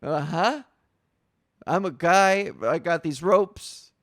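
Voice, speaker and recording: A woman's voice: lowish voice, slow, no echo, studio quality. A woman voicing a dopey, eager male superhero who boasts about his ropes and his climbing.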